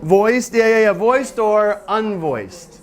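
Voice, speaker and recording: Lively man teaching a phonics seminar. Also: sits high. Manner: quizzing the audience with call-and-response questions; models sounds slowly and carefully. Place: seminar room with a live audience.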